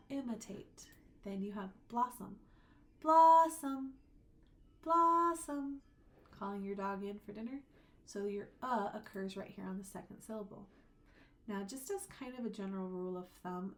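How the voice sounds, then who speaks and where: A woman's voice: medium pitch, darkish tone, slight background noise. A woman teaching a recorded phonics lesson, explaining vowel sounds and stretching out example words to demonstrate them.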